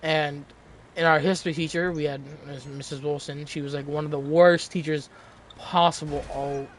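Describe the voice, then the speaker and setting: A man's voice: fairly high pitch, steady tone, moderate pace, slight background noise. A young man in his late teens, telling a story in casual chat, rambling with lots of fillers and restarts.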